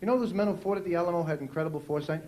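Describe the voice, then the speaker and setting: A male comedian from New York City works a live comedy club crowd in his New York accent, wry and self-mocking, with punchy punchlines. His voice is on the high side, rapid-fire yet a little mellow, heard through echoey club sound on a noisy old VHS tape.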